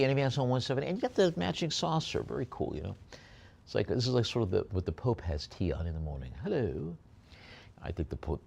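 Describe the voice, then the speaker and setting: Chatty low-voiced male auctioneer. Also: vocal fry, a little mellow. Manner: rapid bid calling mixed with chatty asides and many fillers. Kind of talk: live auction calling with item descriptions.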